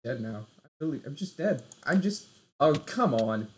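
A gameplay commentator talking live over play, self-mocking, looping the same phrase again and again and swinging from low mutters to high yelps. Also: very animated, normal speed, a little hiss or hum. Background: game music.

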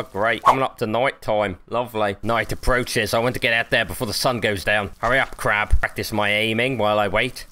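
Bright-voiced sweary gamer. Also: male voice, fairly low pitch. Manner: sweary, joking banter, talking to the game. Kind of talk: let's play commentary.

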